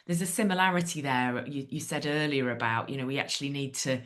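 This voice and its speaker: Woman hosting a podcast, low voice, lots of um and you know. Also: quick pace, fairly bright tone. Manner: thoughtful, hedging with many fillers. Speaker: podcast host. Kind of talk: conversational podcast interview.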